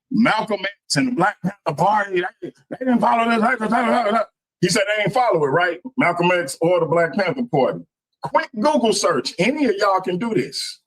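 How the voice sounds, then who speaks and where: Slightly high-voiced man addressing y'all. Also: fairly bright tone, rough recording. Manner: casual, addresses the audience as y'all. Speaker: debater. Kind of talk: debate argument to an audience.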